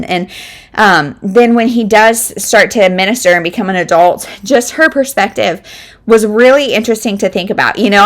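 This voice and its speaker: A chatty woman in her thirties talks through her week of reading in a loose, rambling way, full of ums and likes. Her voice sits at an ordinary middle pitch. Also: fairly bright tone. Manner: chatty, rambling with many fillers. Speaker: book vlogger. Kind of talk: casual chat.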